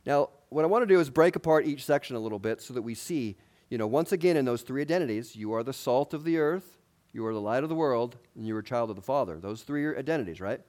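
A man's voice: mid-range voice, expressive, fast, a little mellow. A man preaching a sermon in a conversational way, asking his listeners questions and adding light humor.

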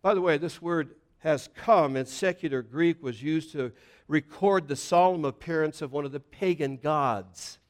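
A man delivering a sermon in a voice a touch higher than most men's. He moves between forceful, loud declarations and quiet, low asides as he works through scripture. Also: moderate pace. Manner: preaching with swings from loud emphasis to hushed low passages. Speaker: pastor.

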